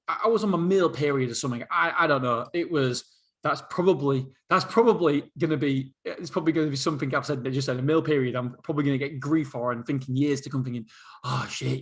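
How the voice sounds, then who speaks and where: A man's voice: a little high, fairly bright tone. A middle-aged man hosting a solo podcast, telling a story in a rambling, self-interrupting way and laughing at himself. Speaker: podcast host.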